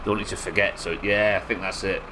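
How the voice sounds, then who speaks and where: A man's voice: low-pitched, fairly even intonation, fast talker, noisy background. A man streaming a game live, chatting casually with his viewers and co-players, swearing now and then as he answers their questions. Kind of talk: live gaming stream chat.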